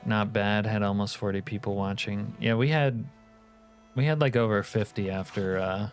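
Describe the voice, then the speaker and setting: Casual male streamer, low-pitched, crude joking banter over faint background music. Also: fairly even intonation, normal speed. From California. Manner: joking, profane banter with chat. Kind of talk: casual live-stream chat.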